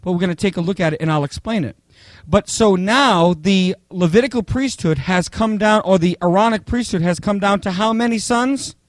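High-voiced man preaching with animated stories. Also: normal speed, dry recording. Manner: animated storyteller, checks in with "okay?" and "right?". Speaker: pastor. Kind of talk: sermon with personal stories.

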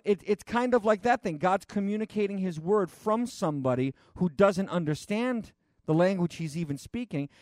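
A man preaching a conversational sermon, rambling and animated, with frequent restarts and fillers. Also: sits high, no room sound, clean studio sound.

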